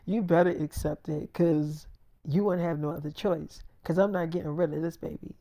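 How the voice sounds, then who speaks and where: A woman's voice: sits low, fairly even intonation, normal speed, warm tone, no echo, natural voice. A storyteller voicing a blunt young pregnant girlfriend. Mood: insistent.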